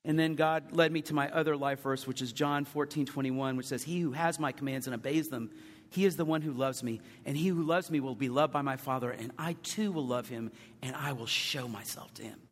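A man preaching a sermon and sharing his testimony, earnest, rising to loud emphatic peaks and sinking to hushed confession. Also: mid-range voice, a little fast. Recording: long hall reverb.

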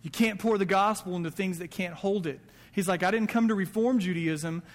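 Male pastor, conversational sermon, higher voice, long hall reverb. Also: fairly quick. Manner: conversational preaching with quoted asides. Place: church sanctuary.

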